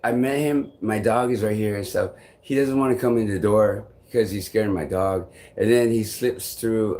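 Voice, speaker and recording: A man's voice: fairly low pitch, mellow. A man vlogging, telling a long frustrated story in a rambling, profane way. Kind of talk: casual storytelling to camera.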